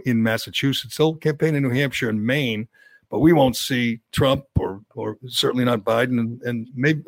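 A middle-aged man with a gravelly voice grumbles through blunt, opinionated talk-show commentary. He sounds like a show regular. The sound is close and dry. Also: mid-range voice, no echo. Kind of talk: casual radio talk.

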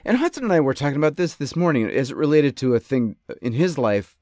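Animated ranting man, lively pitch. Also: fast, no echo, clean studio sound. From western New York. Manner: animated, ranting, self-interrupting. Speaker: podcast host. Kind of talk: casual storytelling monologue.

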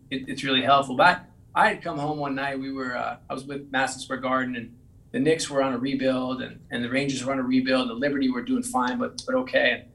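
A man's voice: mid-range voice, a bit bright, low-quality recording. A man being interviewed as a guest author who tells stories in an earnest way and often repeats his words. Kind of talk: casual interview storytelling.

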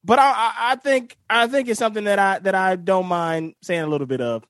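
A man's voice: high voice, a little fast, fairly bright tone, no room sound, clean studio sound. A man, a comedian guest, chatting casually in a playful, slangy way with stammering restarts. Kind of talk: casual recap chat.

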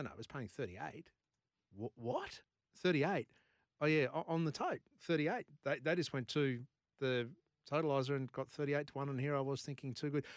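A chatty man in his forties hosts a morning radio show and spins stories with quick asides. His voice sits a little high and sounds dry and close to the studio mic. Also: a bit bright, no room sound. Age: 40s. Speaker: radio host. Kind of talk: casual radio chat. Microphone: studio microphone.

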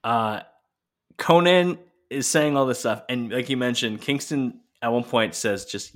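A man's voice: mid-range voice, normal speed, fairly bright tone. Guy cohosting a podcast, laid back, swears a lot. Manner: casual, swears freely. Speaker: podcast co-host. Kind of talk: casual chat recapping wrestling.

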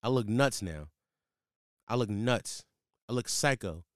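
A man in his twenties telling a casual, profane story in slang, with his voice jumping high when he gets exasperated. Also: expressive, unhurried, no echo, studio quality.

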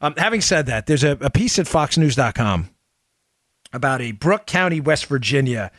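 A man hosting a political talk show, giving opinionated commentary full of sarcasm and mocking quotes, rising to loud outbursts and dropping to low asides. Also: very animated, moderate pace, no room sound, studio quality.

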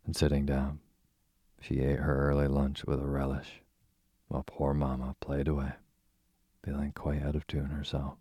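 A man reads an old-fashioned children's story in an extremely deep voice with a husky grain. His delivery is steady and almost monotone. The recording is dry and close. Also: moderate pace, no room sound. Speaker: audiobook narrator. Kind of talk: storybook narration.

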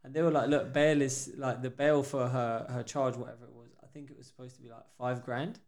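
This young man talks fast with vocal fry in a medium-pitched voice. Co-hosting a podcast in casual conversation, he spins animated stories, acting out the people he quotes.

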